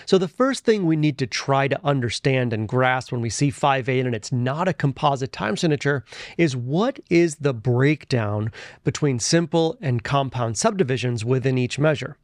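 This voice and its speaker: A man's voice: mid-range voice, animated, normal speed, no room sound, studio quality. A man teaching a music lesson, explaining methodically step by step as he marks up a score.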